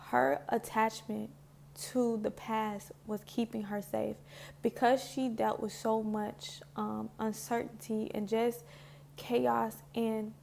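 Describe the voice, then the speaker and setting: A woman's voice: fairly high pitch, gravelly, a little mellow, a little hiss or hum. A woman talking to camera about spiritual healing in a casual, heartfelt way, loose and full of "like"s, close to tears. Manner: earnest and heartfelt, loose with many "like"s. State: emotional, near tears. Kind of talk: casual reflective talk to camera.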